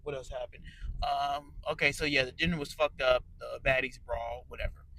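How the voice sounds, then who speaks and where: Profane ranting man, bright forceful voice. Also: medium pitch, steady tone, normal speed, slight background noise, low-quality recording. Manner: trails off into quiet mumbles. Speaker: reality show reviewer. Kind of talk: casual audio recap.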